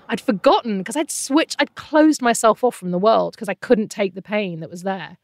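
A woman's voice: medium pitch, moderate pace, no echo. Woman, thirties, earnest and emotional, dry close recording. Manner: earnest, emotional, animated quoting of others. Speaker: guest. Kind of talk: personal storytelling.

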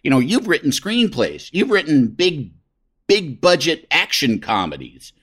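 A man's voice: fairly high pitch, wildly swooping pitch, a little slow, fairly bright tone, breathy edge. A middle-aged man hosting a podcast in casual chat, rambling with many restarts. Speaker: podcast host.

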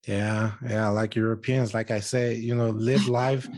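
A man's voice: on the low side, little pitch movement, unhurried, a little mellow, no echo. A man hosting a podcast interview, upbeat and teasing, with a casual manner. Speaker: podcast host.

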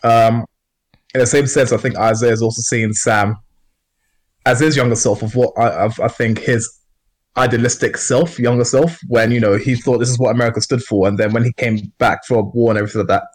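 A man's voice: mid-range voice, fairly even intonation, a little fast. A man co-hosting a casual podcast discussion, talking in a rambling way with many fillers and restarts. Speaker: podcast co-host.

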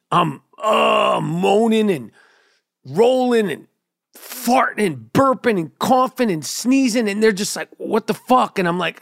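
A man's voice: high-pitched, no room sound, studio quality. A man hosting a podcast, telling a rambling, profane, comedic story in casual chat. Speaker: podcast host.

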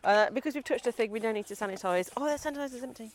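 A woman's voice: fairly high pitch, racing. A woman podcast co-host chatting casually and self-mockingly while walking in the countryside. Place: outdoors, countryside walk.

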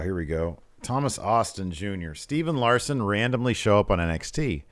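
A man's voice: on the low side, no echo, studio quality. A man co-hosting a casual wrestling chat show, laid-back, laughing easily and reading out fan questions. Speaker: podcast co-host.

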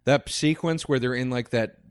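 Male podcast co-host, casual movie talk, mid-pitched voice, dry studio sound, prone to false starts. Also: normal speed, clean tone, no echo. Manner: rambling, stammering restarts, dry storytelling. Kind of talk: casual movie review chat.

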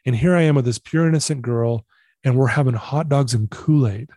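A middle-aged man recounting a personal story as an interview guest, earnest and animated, acting out the dialogue. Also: medium pitch, fairly quick, no room sound, studio quality.

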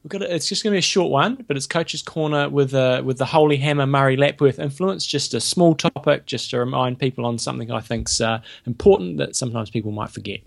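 Gravelly-voiced male coach on a podcast. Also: medium pitch, dry recording, clean studio sound. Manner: halting, restarts words often. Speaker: triathlon coach and podcast co-host. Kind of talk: casual podcast banter.

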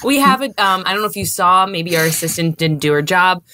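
A woman with a bright, sharp voice performs an improv comedy scene. She talks briskly and laughs between her lines. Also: fairly low pitch, expressive, slight background noise.

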